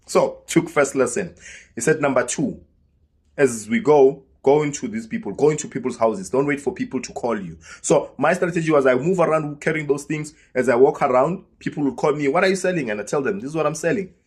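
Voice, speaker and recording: Husky South African male storyteller, casual and lively, voices the other people in his tale. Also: mid-range voice, a little fast. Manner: lively storyteller who acts out quoted dialogue. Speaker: vlogger.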